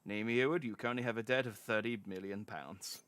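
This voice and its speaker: A man voicing a cold, greedy male debt collector, talking lower and quieter than his own voice in a stern, clipped, lecturing way. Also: fast talker, dry recording, natural voice.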